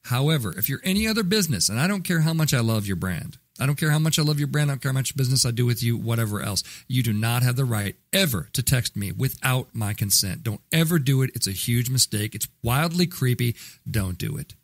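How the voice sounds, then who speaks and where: A man hosts a podcast and rants bluntly about marketing. His voice sits at a middle pitch. The sound is close and dry, with no room echo. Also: animated, quick pace. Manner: blunt, ranting, mocks callers in put-on voices. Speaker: podcast host. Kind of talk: opinionated marketing talk.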